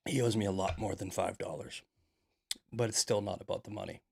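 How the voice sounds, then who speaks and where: A man's voice: low voice, steady tone, fairly quick, vocal fry, darkish tone, slightly rough. An American man hosting a news commentary show, ranting in a heated, profane way and repeating himself. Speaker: host.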